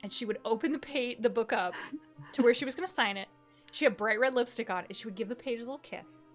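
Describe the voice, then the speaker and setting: Woman streamer, higher pitch, animated and profane storyteller. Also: fast talker, faint music behind. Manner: animated storyteller, swears freely, laughs often. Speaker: streamer co-host. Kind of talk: casual chat on a live stream.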